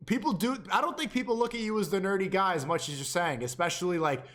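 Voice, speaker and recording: A man hosting a casual livestream, talking in halting bursts with stammered restarts. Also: high-pitched, fairly bright tone. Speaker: host of the stream.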